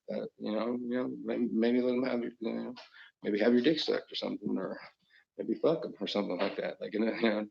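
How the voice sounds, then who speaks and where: Man on a solo livestream, rambling and profane, lurching from loud to muttered; gravelly, dull lo-fi sound. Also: fairly low pitch. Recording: dull lo-fi recording.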